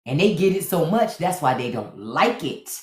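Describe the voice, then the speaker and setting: A woman's voice: low-pitched, sing-song, normal speed. A woman hosting a livestream, giving blunt, profane, mocking commentary straight to her viewers. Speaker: livestream host. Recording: roomy echo.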